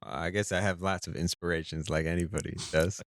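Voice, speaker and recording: A man's voice: low voice, fairly even intonation, fairly quick, no room sound, studio quality. A young man, a comedian guest on a podcast, talking casually and hesitating as he searches for words. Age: young adult. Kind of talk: casual chat.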